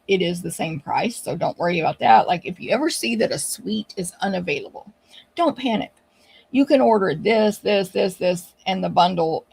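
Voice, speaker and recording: A woman's voice: lowish voice, gravelly, darkish tone, husky, rough recording. A woman hosting a casual catalog walkthrough, chatty and gushing, with many fillers. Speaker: craft channel host.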